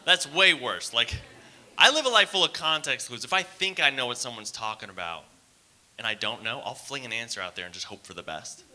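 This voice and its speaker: A man's voice: mid-range voice, expressive, a little fast, sharp tone, slight background noise. Rambling self-deprecating male comic. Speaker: stand-up comic. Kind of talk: stand-up comedy set. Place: theater stage.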